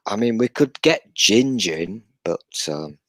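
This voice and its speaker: A British man with a very low voice chats casually on a live stream. His banter is self-deprecating and joking, and the recording sounds close and dry. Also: big pitch swings, slow, dry recording. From Britain. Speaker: podcast host.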